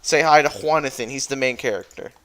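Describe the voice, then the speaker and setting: A man's voice: medium pitch, a little fast, fairly bright tone. A man who jokingly recaps a story as a YouTuber, rambling and correcting himself as he goes. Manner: rambling, playful, self-correcting.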